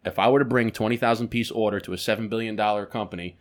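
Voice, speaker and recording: Fast-talking man telling a work story. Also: lowish voice. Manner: fast, animated, acts out quoted people, swears a lot. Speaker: podcast co-host. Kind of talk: casual storytelling chat.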